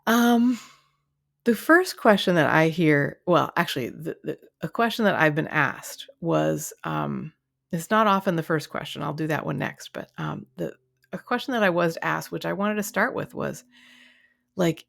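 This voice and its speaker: A woman's voice: sits low, measured pace, vocal fry, fairly bright tone, no room sound, clean studio sound. A woman hosting her own podcast as a coach, talking in a chatty, rambling way with lots of fillers and restarts. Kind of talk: casual solo podcast monologue.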